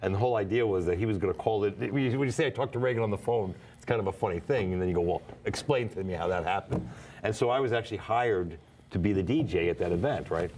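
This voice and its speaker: Man, low-ish voice, rapid rambling anecdotes, faint noise. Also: a little mellow. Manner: rambling anecdotes, quick laughs. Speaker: guest. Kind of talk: casual chat.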